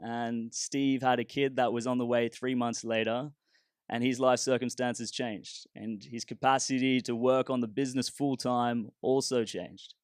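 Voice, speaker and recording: A man's voice: mid-range voice, level tone, a little slow, smooth, no echo, clean studio sound. Man telling a story. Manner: casual, self-deprecating storyteller. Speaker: startup founder and speaker. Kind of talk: humorous personal storytelling talk.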